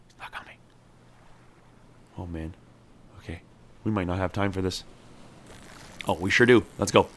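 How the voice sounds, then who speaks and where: A man's voice: low voice, fairly even intonation, moderate pace, pauses often, a bit bright, a little hiss or hum. A man playing a survival game and chatting through it, talking to his character and cheering on each catch. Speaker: gameplay streamer. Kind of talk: casual let's-play commentary.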